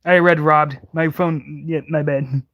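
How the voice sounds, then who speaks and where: A man's voice: a little high, fairly even intonation, unhurried. A man giving casual reaction commentary, rambling and heated, stumbling over restarts. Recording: dull lo-fi audio.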